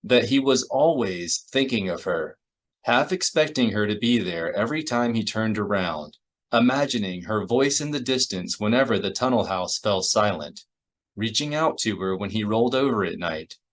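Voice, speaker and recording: A man with a fairly low voice narrates a novel aloud. He reads in a steady, even storytelling manner. It is plain audiobook narration. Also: normal speed. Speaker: audiobook reader.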